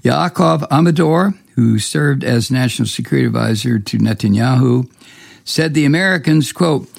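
A man with a very gravelly, scratchy voice reads news passages aloud and breaks into scornful, profane commentary. He sounds hoarse. The recording is dry and close, with no room sound. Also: mid-range voice, normal speed, no room sound. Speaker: political commentator.

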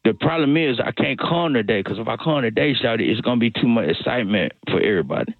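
A man's voice: mid-range voice, lively intonation, fast talker, dry recording. A man calling in on the phone, drawling and repeating himself as he talks his way out of coming to work. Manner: drawling, repetitive, excuse-making. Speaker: caller. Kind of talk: comic phone bit. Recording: tinny phone line.

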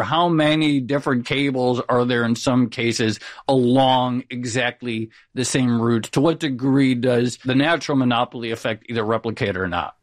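A man's voice: medium pitch, no echo. Dry-sounding male podcast co-host. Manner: curious, thinks aloud, loose informal phrasing. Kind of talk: conversational podcast interview.

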